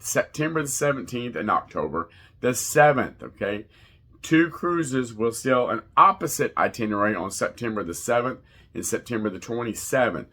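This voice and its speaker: A man's voice: mid-range voice, sharp tone. A man hosting a cruise vlog, chatting casually with viewers, calling them folks and laughing at his own slips.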